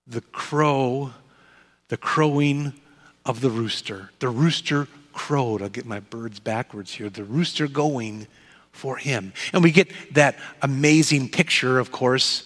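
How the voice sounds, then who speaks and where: A man preaching a sermon, telling the story dramatically and dropping to soft, low tones at key moments. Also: slow. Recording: echoey hall.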